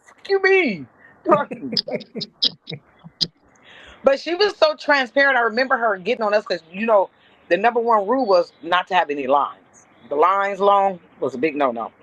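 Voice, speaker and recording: A comedian from Compton, California, guests on a podcast, casually telling blunt, profane stories and jumping high and loud when she acts out quotes. Her voice is animated and fairly quick. The sound has no echo, but the highs are cut off.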